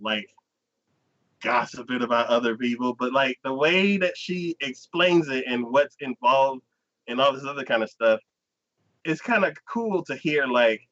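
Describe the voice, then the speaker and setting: A man co-hosting a podcast, chatting casually and acting out anime scenes in lively, excited retellings full of "like.". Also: medium pitch. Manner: animated storyteller acting out scenes, frequent "like". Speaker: podcast co-host. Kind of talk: casual anime review chat. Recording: dull lo-fi podcast audio.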